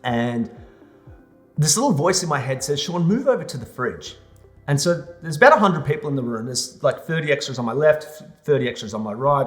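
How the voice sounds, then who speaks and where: Man telling a lively personal story. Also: medium pitch. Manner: animated, re-enacts scenes with lively quoted voices. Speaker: vlogger. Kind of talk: storytelling monologue.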